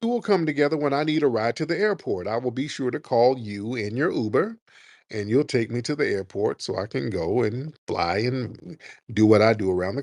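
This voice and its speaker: A man's voice: medium pitch, darkish tone, dry recording, clean studio sound. A man hosting a live call-in chat, mocking and taunting his callers, calling them "sir". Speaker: host.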